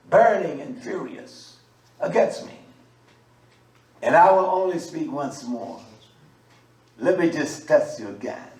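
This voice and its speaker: A man with a high voice preaches a sermon, dropping to quiet asides and then rising to loud, drawn-out scripture reading. He is recorded from a distance in an echoey room. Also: expressive.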